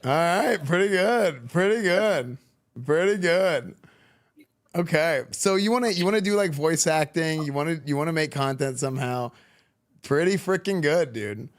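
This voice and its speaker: A man from Texas with a Texan accent, a streamer chatting casually with a school class, relaxed and slangy, with lots of fillers and restarts. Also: fairly high pitch, normal speed. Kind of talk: casual chat answering students' questions. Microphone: good streaming microphone.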